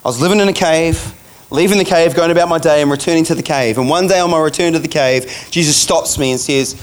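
High-voiced preacher telling a story. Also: male voice, fast talker. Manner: casual, chatty, laughs through the story. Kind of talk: sermon storytelling.

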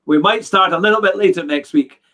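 A man's voice: sits high, a little fast, over a noisy crowd. A man with a Scottish accent hosting a live-streamed podcast. He is friendly, laughs easily and reads out viewer comments. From Scotland. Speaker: podcast host.

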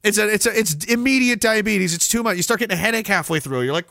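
A man hosts a casual livestream, reading out chat comments. He rants with profanity and sarcasm and breaks into loud mocking outbursts. His voice is slightly high and sharply forceful, and the sound is dry and close. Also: lively intonation, a little fast, hardly any pauses, no echo. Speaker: livestream host.

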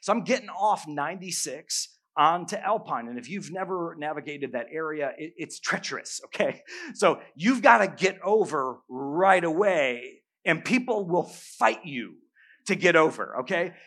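A middle-aged male pastor preaching a sermon, telling a story with humor and animated bursts. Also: on the high side, measured pace.

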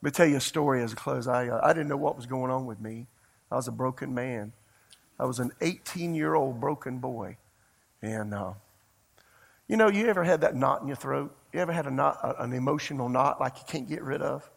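A man's voice: medium pitch, brisk, creaky, breathy edge. A man preaching a sermon, telling a story in a fervent, conversational way and speaking straight to the congregation. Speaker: pastor.

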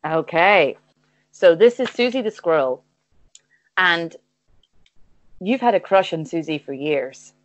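A woman narrating an improvised comic adventure with playful deadpan timing. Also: lowish voice, takes it slowly, long pauses, no echo, highs cut off. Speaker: comedy guest and game narrator.

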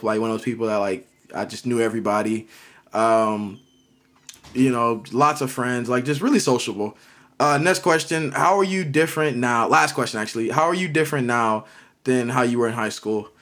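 A young man co-hosts a loose podcast conversation. He talks in a relaxed, reflective way, full of fillers. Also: mid-range voice, normal speed. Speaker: co-host. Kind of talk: casual podcast chat.

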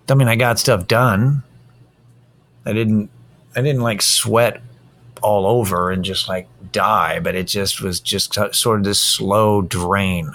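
A man's voice: on the low side, fairly even intonation, a little slow, a bit bright. A man hosting a casual solo podcast, drained and worn out, rambling in a tired, self-deprecating way. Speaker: podcast host.

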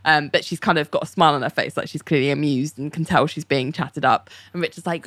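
A woman's voice: deep voice, quick pace, few pauses, no room sound. A woman hosting a casual chat, retelling scenes from a show and acting out the quoted lines. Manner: animated storyteller, acting out quoted lines in put-on voices. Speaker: podcast host recapping a TV episode.

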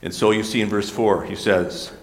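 A man's voice: fairly low pitch, fairly even intonation, moderate pace. A man preaching a sermon, earnestly explaining scripture with small restarts. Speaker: pastor. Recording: roomy hall with long reverb.

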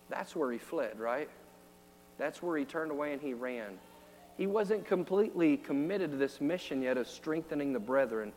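A high-voiced man preaching a sermon and retelling scripture scenes to his listeners. He drops to a hush and then rises to fervent, loud exhortation. He often asks them rhetorical questions, and his voice rings with a long reverb in the hall. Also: animated, moderate pace. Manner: swings from hushed storytelling to loud, fervent exhortation.

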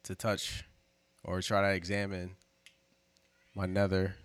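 A man in casual podcast chat who talks haltingly, repeating words as he tries to break in. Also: sits low, monotone, fairly bright tone, smooth, no room sound, clean studio sound.

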